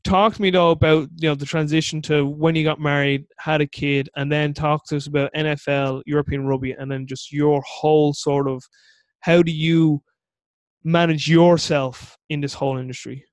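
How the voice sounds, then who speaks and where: A man hosting a podcast interview, talking in a rambling, animated way. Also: fairly high pitch, moderate pace, no room sound. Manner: rambling, animated, full of acted-out inner voices. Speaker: podcast host. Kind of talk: casual interview chat.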